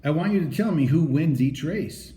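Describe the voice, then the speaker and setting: A man voicing a kindly, cheerful older male doctor in a storybook, speaking in a warm, encouraging way. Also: a little high, lively intonation, normal speed, echoey room, lightly acted.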